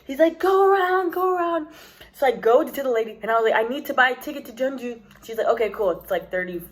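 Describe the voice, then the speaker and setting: A woman's voice: fairly high pitch, fast talker. Chatty young woman telling a story. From United States. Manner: rambling, lots of "like" and "literally". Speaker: vlogger. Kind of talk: casual storytelling to camera.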